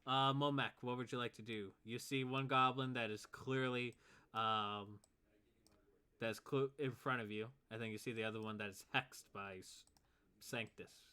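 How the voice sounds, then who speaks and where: A man's voice: medium pitch, steady tone, normal speed, bright, forceful tone, clear, resonant tone. A man narrating as game master of a tabletop game, laid-back, chuckling and counting out movement.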